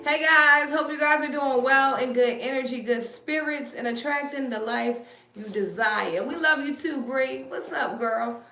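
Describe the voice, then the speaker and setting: A woman's voice: high voice, a little slow, recorded from a distance. A woman hosting a tarot live stream in casual chat, greeting viewers and laughing often. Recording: roomy echo over loud music.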